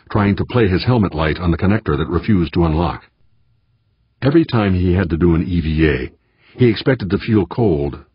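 Very deep, husky male audiobook narrator. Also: no echo, highs cut off.

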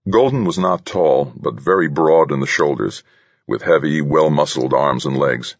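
A man reading a thriller novel aloud in steady, measured audiobook narration. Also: very deep voice, husky, no room sound, muffled recording. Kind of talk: scripted narration.

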